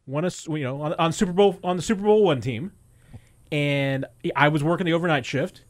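A man's voice: on the high side, a little fast. A man appearing as a sportswriter guest on sports radio, telling self-deprecating stories with stammering restarts. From Missouri. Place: radio studio.

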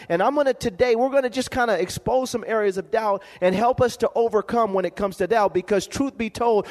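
High-voiced man preaching in a reverberant hall. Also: a little mellow. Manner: preaching with call-and-response, repeats words. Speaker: pastor. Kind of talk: sermon.

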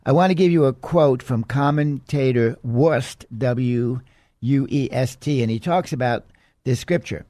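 Earnest male preacher, dark dry voice. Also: medium pitch, moderate pace, no room sound. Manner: earnest, reads quotes aloud and comments on them. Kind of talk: sermon.

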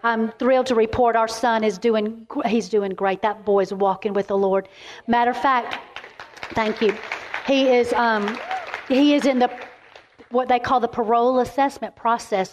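Animated, emphatic woman preaching a story sermon. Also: fairly high pitch. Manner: animated, emphatic, with repeated restarts. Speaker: women's ministry speaker.

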